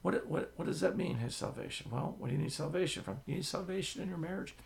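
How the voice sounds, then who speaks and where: A man preaching a sermon as the pastor, telling stories with sudden drops to a whisper and swells of loudness. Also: fairly high pitch, fast talker, gravelly. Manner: animated storytelling, drops to a whisper and swells loud.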